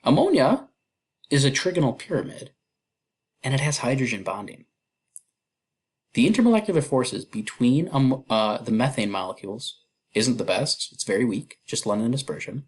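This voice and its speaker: A man's voice: mid-range voice, animated, moderate pace, slightly rough. A man teaching a recorded chemistry lesson in a casual, chatty way, with fillers and self-deprecating asides as he works through problems. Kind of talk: recorded lecture walkthrough.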